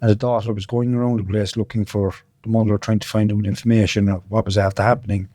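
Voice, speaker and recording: A man's voice: lowish voice, flat delivery, fast talker, warm tone, no echo. A man with a Cork accent hosting a podcast, chatting casually and asking his guest follow-up questions. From Ireland. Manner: conversational, asks follow-up questions. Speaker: podcast host. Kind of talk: casual chat.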